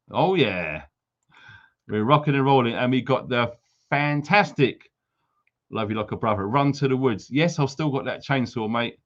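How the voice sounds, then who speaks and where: A man's voice: medium pitch, dull audio. Jokey man hosting a livestream. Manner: jokey, teasing banter with viewers. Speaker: livestream host. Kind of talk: casual livestream chat.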